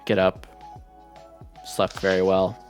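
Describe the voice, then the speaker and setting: Low-voiced man running a tabletop game. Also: monotone, slow pace, faint music behind. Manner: loose, rambling, chatty. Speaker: game master.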